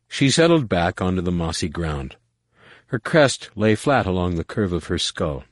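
A man narrating an audiobook in a steady, even storytelling manner. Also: low-pitched, normal speed, no room sound.

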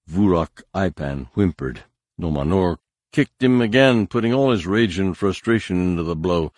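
Man, audiobook narrator, measured storytelling, very deep voice, dry close sound. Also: animated, darkish tone, dry recording. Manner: measured storytelling with harsh commanding dialogue. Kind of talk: scripted narration.

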